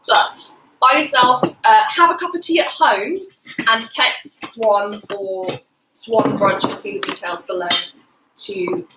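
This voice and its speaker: A woman's voice: medium pitch, slow pace. A young woman who directs a choir, chatting and explaining over brunch on a livestream, laughing often. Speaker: artistic director, choir leader. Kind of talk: casual chat on a livestream. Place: home kitchen. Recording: echoey kitchen, mic far off, clear background noise.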